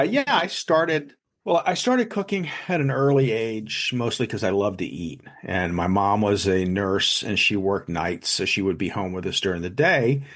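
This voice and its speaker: A man, a chef and food blogger, chatting as a guest, telling stories in a rambling way full of fillers and restarts. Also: on the low side. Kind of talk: casual storytelling in an interview. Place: lives in South Jersey.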